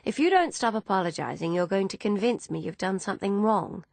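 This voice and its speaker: A woman voicing a very old former housemaid, calm and wise, speaking in a measured, quietly reassuring way. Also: medium pitch, gravelly, no room sound. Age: over 60.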